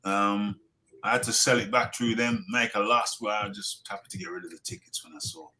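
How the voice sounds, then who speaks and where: A man's voice: fairly low pitch, fairly even intonation, fairly quick, pushed and bright, rough recording. Joking male boxing podcast host. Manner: repeats himself, wry and joking. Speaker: boxing talk show host. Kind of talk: casual live podcast chat.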